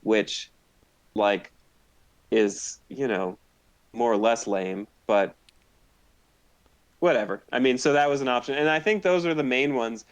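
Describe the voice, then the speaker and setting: A man's voice: medium pitch, a little slow, pauses often. A man co-hosting a casual chat show, rambling through his thoughts with many fillers and easy laughter. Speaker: co-host.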